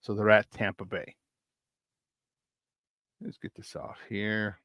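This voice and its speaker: A man with a Chicago accent hosting a morning sports talk show, talking in an energetic, chatty way and repeating himself for emphasis. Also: lowish voice, takes it slowly, gravelly, dry recording, clean studio sound. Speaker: sports radio host.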